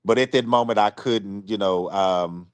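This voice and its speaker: A man on a live stream apologizing to his supporters. He is close to tears, speaks haltingly, and often repeats himself or restarts his sentences. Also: fairly low pitch, clean tone, no room sound.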